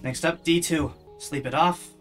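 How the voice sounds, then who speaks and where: A gamer talking to themself while playing, with dry, sarcastic asides and quiet muttering. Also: mid-range voice, a little slow, faint music behind. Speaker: let's play gamer. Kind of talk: casual gameplay commentary.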